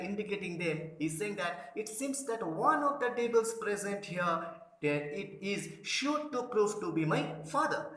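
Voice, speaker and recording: A man's voice: sits high, fairly bright tone. A man teaching literature, explaining a play line by line, paraphrasing each line and often restarting his sentences. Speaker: literature lecturer. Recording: echoey room.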